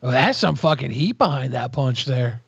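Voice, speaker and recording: A man's voice: mid-range voice, expressive, moderate pace, gravelly, lo-fi sound, a little hiss or hum. A man co-hosting a podcast, mocking clips in crude, profanity-heavy banter. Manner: crude, mocking, swears constantly. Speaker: podcast co-host. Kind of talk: casual profane commentary.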